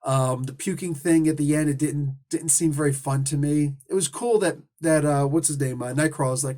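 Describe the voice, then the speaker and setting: Animated man rambling through a comic review. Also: fairly high pitch, moderate pace, hardly any pauses. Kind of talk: casual solo review monologue.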